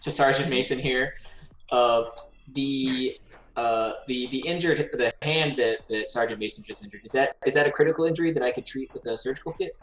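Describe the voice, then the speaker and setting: A man speaks as a player in a tabletop game, halting and restarting as he asks his questions. His voice has a roomy echo, with faint music behind. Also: medium pitch, a bit bright. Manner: hesitant, stop-start questions. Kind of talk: casual tabletop game chat.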